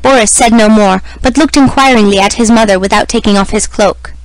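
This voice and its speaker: A woman reading a classic novel aloud as scripted narration, in a measured, even manner. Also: mid-range voice, no room sound, low-quality recording. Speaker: audiobook reader.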